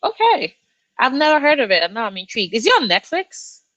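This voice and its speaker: A woman's voice: on the high side, lively intonation, fast, a bit bright, no room sound, muffled recording. A young woman from Nigeria hosting a casual book livestream, reading the chat aloud and gushing back at her viewers. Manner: effusive, reads out chat and gushes, frequent laughs. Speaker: booktube livestream host.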